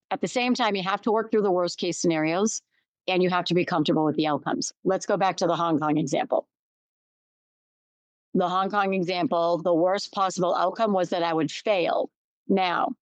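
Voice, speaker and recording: A woman's voice: fairly low pitch, no echo. A middle-aged woman hosting a solo podcast, telling a personal story candidly, with restarts and emphatic repetition. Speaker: podcast host. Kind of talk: reflective solo podcast talk.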